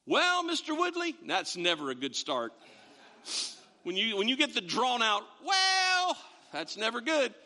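A man preaching a sermon in a church, in a conversational, animated storytelling way. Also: high voice, normal speed, long pauses. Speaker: pastor. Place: church sanctuary. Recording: long reverb of a large hall.

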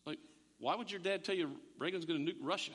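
Animated male preacher in a reverberant hall. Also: high-pitched, quick pace, breathy edge. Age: middle-aged. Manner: animated, joking, with frequent restarts. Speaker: pastor. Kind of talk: sermon.

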